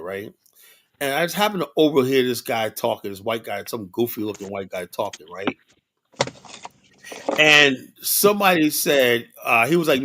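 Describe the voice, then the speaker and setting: A man's voice: mid-range voice, fairly bright tone, a little hiss or hum. A man hosting a livestream show, talking bluntly and casually in a rambling monologue, often adding "you know.".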